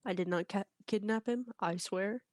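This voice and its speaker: A woman's voice: mid-range voice, moderate pace. A woman telling a funny story in casual chat, acting out the people in it. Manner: animated anecdote telling with quoted voices. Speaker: co-host.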